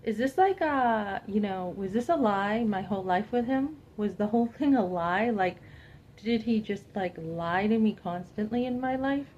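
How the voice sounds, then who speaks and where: A woman's voice: medium pitch, normal speed, slight background noise. Woman telling her story, lo-fi sound. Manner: animated, quotes herself and others in dialogue, addresses listeners directly. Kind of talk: candid personal testimony to camera.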